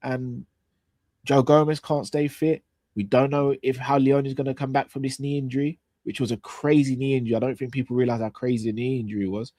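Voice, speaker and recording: A man co-hosting a football fan show in casual chat, animated and repeating himself, using slang. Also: medium pitch, fairly quick, no echo. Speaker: co-host of a fan talk show.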